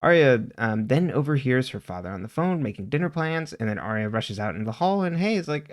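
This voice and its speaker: A man's voice: medium pitch, lively intonation, a little fast. A man co-hosting a podcast, casually retelling TV episode scenes and quoting the characters with frequent laughs. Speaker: podcast co-host. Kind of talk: casual recap chat.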